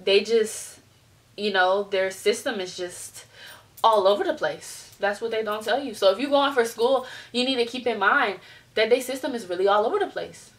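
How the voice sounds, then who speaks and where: A woman's voice: a little high, moderate pace. A young American woman vlogging casually to her webcam, ranting animatedly and mimicking people as she tells stories. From United States. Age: young adult. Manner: animated storytelling, mimics people in other voices. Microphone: webcam at desk.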